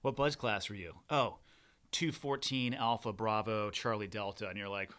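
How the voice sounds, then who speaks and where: A man's voice: on the low side, steady tone, normal speed, sharp tone. A man in his thirties, a podcast guest, telling stories in a dry, matter-of-fact casual chat. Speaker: podcast guest, former Navy SEAL.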